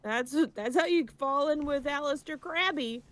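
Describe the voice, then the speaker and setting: A woman's voice: sits high, measured pace, fairly bright tone, no room sound. A woman co-hosting a podcast, reacting in casual chat with wry, incredulous remarks. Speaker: podcast co-host.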